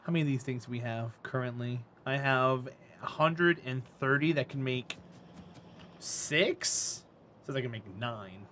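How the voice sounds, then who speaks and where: A man's voice: mid-range voice, measured pace, bright, forceful tone, a little hiss or hum. A man with a North Carolina Southern accent, chatting and teasing viewers playfully while live-streaming a game. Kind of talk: live-streamed gameplay chat.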